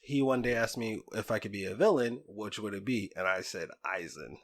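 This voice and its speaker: A man's voice: on the low side, brisk. A young man co-hosting a casual podcast, talking animatedly about anime villains and often laughing. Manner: animated, laughs often, does silly impressions. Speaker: podcast co-host. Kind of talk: casual chat.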